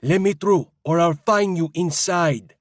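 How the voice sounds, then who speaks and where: A man's voice: on the high side, animated, normal speed, dry recording, studio quality, pitched above the performer's own voice, lightly acted. Man voicing desperate, hostile young stranger, odd accent, barks threats; audiobook. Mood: angry. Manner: angry, threatening, curt.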